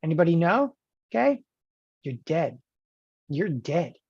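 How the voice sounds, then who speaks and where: A man teaching options trading in an animated lecture, emphatic and joking, often checking in with the listener. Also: a little high, measured pace, slightly rough, dry recording. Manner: emphatic, joking, keeps asking "okay?". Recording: dull lo-fi dry recording.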